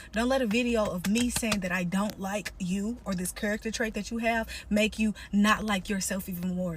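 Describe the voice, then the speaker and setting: A woman speaking straight to the camera in a warm, encouraging way. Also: mid-range voice, a little hiss or hum. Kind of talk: direct-to-camera talk.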